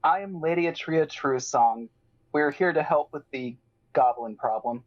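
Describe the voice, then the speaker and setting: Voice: mid-range voice, unhurried, muffled recording, close to an everyday voice. A player voicing a poised noble lady adventurer, speaking in formal, courtly tones.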